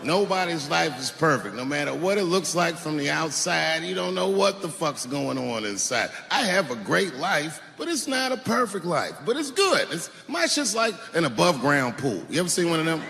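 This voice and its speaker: Animated profane stand-up comedian, man. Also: a little high, moderate pace, gravelly, few pauses. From Washington, D.C. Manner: animated, profane storytelling with shouted punchlines. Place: large theater stage. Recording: echoey hall with live audience noise.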